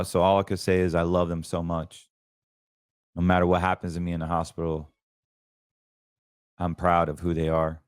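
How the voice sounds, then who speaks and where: A man with a very deep voice gives an earnest, preachy personal testimony, and he sinks into quieter tones as he gets emotional. He sounds middle-aged, and his voice is recorded close and dry, with no room sound. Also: clean tone, no echo. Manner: earnest and preachy, voice drops low when emotional. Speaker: podcast host. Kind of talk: personal testimony in casual talk.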